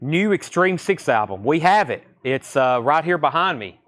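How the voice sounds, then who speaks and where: A man with a Southern accent hosting a live record sale, listing titles and repeating prices in quick sales patter. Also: on the high side, very animated, fairly bright tone. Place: record shop surrounded by crates.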